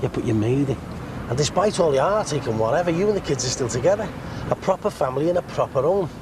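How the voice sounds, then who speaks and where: A man's voice: fairly high pitch, animated, fast, close to an everyday voice. An actor playing an earnest young man, worried about the future. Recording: loud street and car noise.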